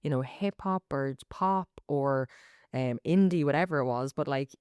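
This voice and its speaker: A young Irish woman hosting a podcast, talking in a chatty, animated way with lots of quick asides. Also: very deep voice, smooth, no room sound, studio quality. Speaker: podcast host. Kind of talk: casual chat.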